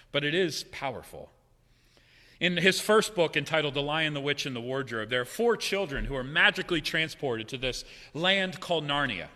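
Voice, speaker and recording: A man preaching a sermon with a bright, forceful voice, his words trailing off into a long reverb in a big hall. He talks in a relaxed, joking way, then drops to hushed tones for weight. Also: medium pitch. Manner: conversational, joking, dramatic swings from loud to hushed. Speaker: pastor.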